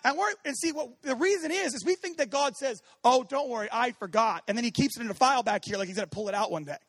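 A man preaching with a high, lively voice that climbs to shouts and drops to near whispers. He acts out quoted voices as he goes. The sound is dry and close. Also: very fast, no echo. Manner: animated, swings from shouting to hushed. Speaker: pastor. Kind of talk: sermon.

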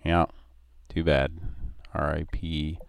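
A man's voice: extremely low pitch, level tone, takes it slowly, gravelly, clear, resonant tone, no room sound, studio quality. A man co-hosting a casual comedy talk show, laughing often and bantering loosely. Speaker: podcast co-host.

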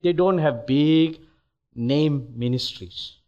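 A male preacher giving an emphatic, deliberate sermon in a church, building to exhortations. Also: a little high, warm tone, muffled recording.

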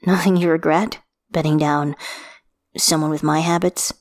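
A woman reading the lines of a guarded, calculating young man, quiet and wary. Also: low-pitched, steady tone, normal speed, no echo, natural voice.

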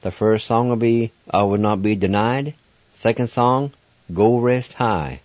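A man's voice: on the low side, measured pace, darkish tone, dry recording, dull audio. A man hosting a radio language lesson who patiently spells out each word letter by letter and then pronounces it.

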